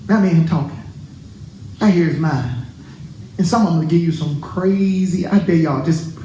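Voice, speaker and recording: A pastor preaching a sermon to his congregation, animated and joking with them. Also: a little high, fairly quick, reverberant, a little hiss or hum, low-quality recording. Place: church.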